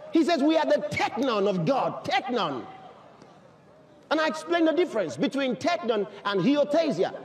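A man preaching a sermon to a live congregation, fervent and emphatic, often shouting and firing rhetorical questions at the crowd. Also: very high-pitched. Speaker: pastor.

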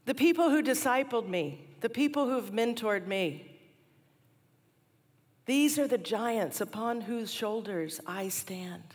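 A woman in her forties giving a storytelling chapel talk, animated and laughing at herself now and then. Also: on the high side, takes it slowly. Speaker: chapel speaker. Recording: long hall reverb.

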